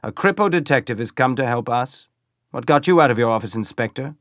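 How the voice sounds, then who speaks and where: A man voicing crude, boastful stormtroopers in an audiobook, loud and blustering. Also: mid-range voice, animated, brisk, no echo, clean studio sound, pitched above the performer's own voice, lightly acted.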